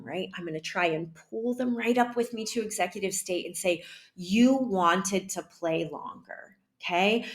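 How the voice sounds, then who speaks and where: A woman teaching a calm method for handling upset children, speaking gently and often checking in with "right?", sometimes dropping to a near whisper. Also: medium pitch. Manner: calm, repeats "right?", models slow breathing. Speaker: early childhood educator. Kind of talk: teaching a parenting and classroom method.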